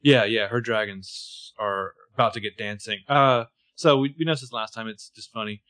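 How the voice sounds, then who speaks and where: A man's voice: lowish voice, moderate pace, fairly bright tone, dry recording. A man co-hosting a casual podcast, narrating the plot of an episode with wry jokes. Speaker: podcast co-host. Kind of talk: casual recap chat.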